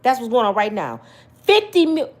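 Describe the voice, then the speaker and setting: Woman going off on a rant to camera, kinda high pitched, swings all over, slangy and emphatic. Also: huge pitch swings, moderate pace. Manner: emphatic, rhetorical questions, slangy. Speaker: commentary vlogger. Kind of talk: animated opinion rant.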